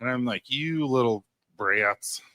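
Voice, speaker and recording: A man's voice: medium pitch, slow, bright, forceful tone, dry recording, studio quality. A man in his forties co-hosting a podcast, telling easygoing stories about his kids with a chuckle. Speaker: podcast co-host. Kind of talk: casual chat.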